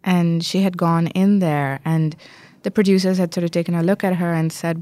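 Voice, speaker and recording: A woman journalist and author answering interview questions, telling a story fluently and with lively emphasis. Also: lowish voice, moderate pace, no room sound.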